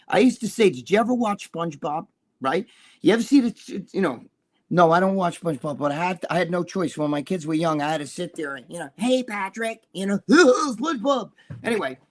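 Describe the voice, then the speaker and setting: Middle-aged guy with a high voice, cussing and rambling on a live stream chat. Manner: rambling, profane storytelling. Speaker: co-host.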